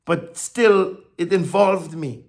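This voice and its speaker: A high-pitched man preaches a sermon, halting and repeating words. He swings between soft reflection and emphatic declarations.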